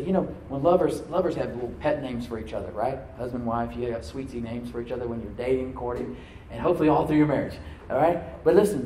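A man preaches to his congregation in an easy, conversational way, now and then sinking into a soft, prayerful hush. His voice is mellow and a little distant from the mic. The roomy church echo carries every word, with a faint hum of ambience behind him. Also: medium pitch. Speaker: pastor. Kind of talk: sermon. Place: church sanctuary.

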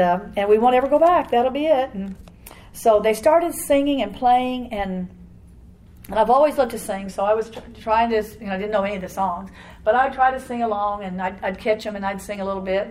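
Older woman, fairly high voice, telling a church testimony in a rambling, animated way, laughing along. Faint background noise. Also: rough recording. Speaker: church speaker giving testimony. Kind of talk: personal testimony to a congregation.

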